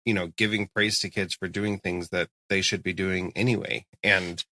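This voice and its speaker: A man hosting an education podcast, responding to his guest in a measured, conversational way. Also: sits low, level tone, sharp tone, no echo. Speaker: podcast host. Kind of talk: casual interview conversation.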